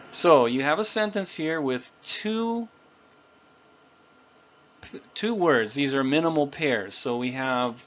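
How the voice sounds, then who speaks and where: A man teaches pronunciation at a very slow, deliberate pace, stretching out example phrases so learners can repeat them. His voice sits at an ordinary middle pitch. The recording is a little dull and lo-fi. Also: fairly bright tone. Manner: patient, over-enunciates example phrases for repetition.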